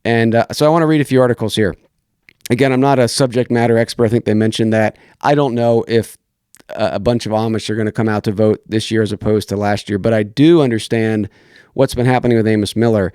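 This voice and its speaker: A man's voice: fairly low pitch, fairly even intonation, fast talker, a little mellow, clear, resonant tone, no room sound, clean studio sound. A man hosting a political commentary podcast, reading news articles aloud and criticizing them in a blunt, searching way with many restarts. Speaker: podcast host.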